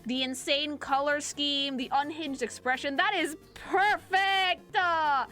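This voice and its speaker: A woman streamer gushing excitedly and profanely while reacting to an animation for her chat. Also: high-pitched, takes it slowly, faint music behind.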